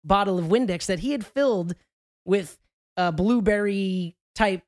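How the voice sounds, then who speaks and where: A man's voice: sits high, measured pace, darkish tone, no echo, clean studio sound. A man hosting a podcast, telling a story in a rambling way with lots of fillers. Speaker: podcast host. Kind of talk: casual chat, storytelling. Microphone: close podcast mic.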